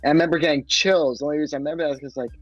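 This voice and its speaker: A man co-hosting a podcast, telling a story in relaxed, casual chat. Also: a little high, very fast, dry recording, lo-fi sound, soft background music. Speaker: podcast co-host.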